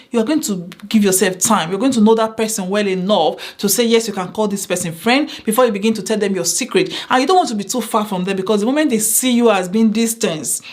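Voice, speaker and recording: Woman, mid-pitched, earnest advice vlogger who drives points home by repetition. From Nigeria. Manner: earnest, repeats phrases for emphasis. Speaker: vlogger giving workplace advice. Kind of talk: casual advice talk to camera.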